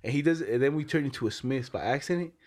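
A man's voice: medium pitch, fast, darkish tone. A young man chatting casually about his delivery job, rambling and slangy, full of "like" and "you know". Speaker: delivery worker telling stories. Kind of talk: casual chat.

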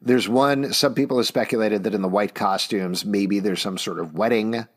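Excited man talking movie trailers. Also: on the low side. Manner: enthusiastic, quick, animated asides. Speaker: podcast host. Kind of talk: casual pop-culture chat.

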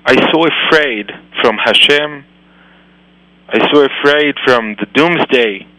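Gentle scared schoolgirl done by a guy, bright clear tone, dry close sound. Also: mid-range voice, takes it slowly, no echo, rough recording. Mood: anguished. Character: remorseful young schoolgirl, gentle and frightened.

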